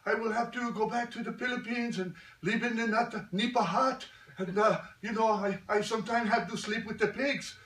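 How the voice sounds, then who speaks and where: A man's voice: high voice, moderate pace, fairly bright tone, pitched above the performer's own voice. A man voicing a frightened young male care-home aide who pleads frantically. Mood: panicked. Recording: echoey room from far off.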